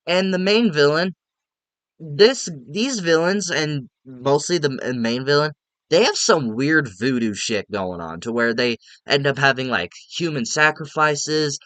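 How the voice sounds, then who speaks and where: A male film reviewer chatting casually to his viewers, circling back to the same points and chuckling at what he criticizes. His voice is bright and crisp, and the recording is dry, with no room sound. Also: fairly high pitch, expressive, a little slow, no room sound. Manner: rambling, repeats himself, laughs at what he reviews.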